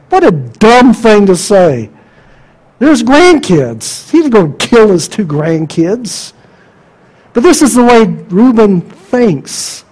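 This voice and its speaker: High-voiced preacher asking pointed questions. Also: male voice, low-quality recording. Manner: emphatic, rhetorical questions, swings between loud and quiet. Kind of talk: sermon.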